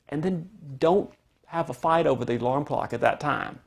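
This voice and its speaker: A man teaching a parenting lesson, calmly explaining and acting out what parents and kids say. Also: fairly high pitch, moderate pace, vocal fry. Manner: calm, explanatory, acts out parent and child quotes. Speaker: parenting instructor.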